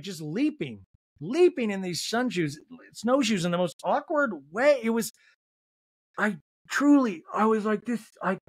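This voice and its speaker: A man's voice: high voice, no echo, studio quality. A man hosting a podcast, giving a casual, laughing recap of a reality show and acting out quotes in different voices. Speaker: podcast host.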